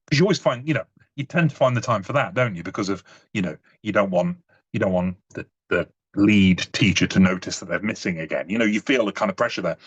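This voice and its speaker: A man's voice: fairly low pitch, animated, fast talker, husky, muffled recording. A British man in his thirties giving a casual talk, telling personal stories in a chatty way with many restarts. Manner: chatty, frequent "you know", stumbling restarts.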